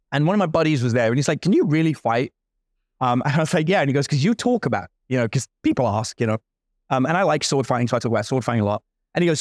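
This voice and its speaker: A man's voice: on the high side, no echo, clean studio sound. A man in his forties telling a story in casual talk, playing out the other people's lines as he goes. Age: 40s. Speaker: guest entrepreneur.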